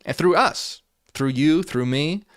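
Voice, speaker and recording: A man's voice: on the high side, slow, no echo, studio quality. A man hosting a talk, reading ancient passages aloud and explaining them in an earnest way that repeats itself and restarts. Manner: switches between reading passages aloud and casual paraphrase. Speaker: channel host.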